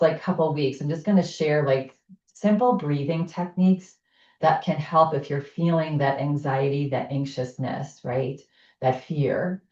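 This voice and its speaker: A woman teaching a chair yoga class, guiding breathing exercises with gentle, calm instructions and soft affirmations. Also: low voice. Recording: echoey room, distant mic, dull sound.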